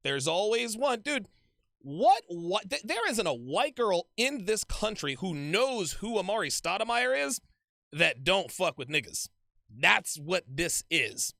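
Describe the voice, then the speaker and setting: Animated profane man, bright creaky voice. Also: high-pitched, unhurried, no room sound, clean studio sound. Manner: animated, profane, repeats himself. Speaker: commentator reacting to a dating show. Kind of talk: casual profane reaction commentary.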